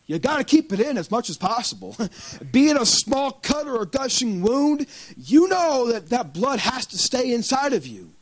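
Guy preaching, super high voice, tells stories and laughs a lot, dry close sound. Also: dry recording, low-quality recording. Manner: animated, chuckles through his stories. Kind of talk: storytelling sermon.

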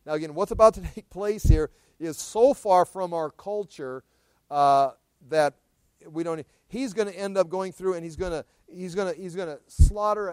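A man's voice: sits high, moderate pace, darkish tone, clean tone, no room sound. A man teaching a Bible study verse by verse in a casual, conversational way, with asides and restarts.

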